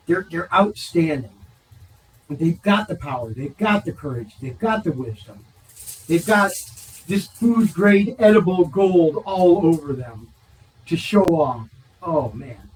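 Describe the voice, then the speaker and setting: A man's voice: high-pitched, recorded from a distance, low-quality recording. A man hosting a charity live stream, chatting while he bakes and gushing with enthusiasm.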